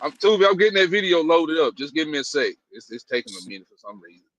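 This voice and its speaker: A man's voice: fairly high pitch, big pitch swings, fast, a bit bright, no room sound, muffled recording. A man hosting a livestream, talking loosely and preaching casually to his viewers. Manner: loose, folksy, drawls "y'all". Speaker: livestream host.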